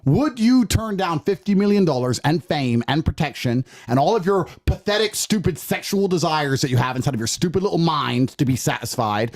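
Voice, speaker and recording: A man with a high, lively voice lecturing in a preachy, mock-serious tone. He presses his listeners with rhetorical questions. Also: fairly quick, hardly any pauses. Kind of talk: casual chat.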